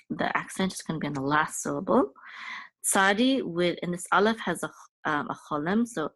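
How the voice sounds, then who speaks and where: This woman's voice sits low with a fairly bright tone, recorded without echo. She's giving a relaxed language lesson, patiently going step by step with plenty of fillers and check-ins.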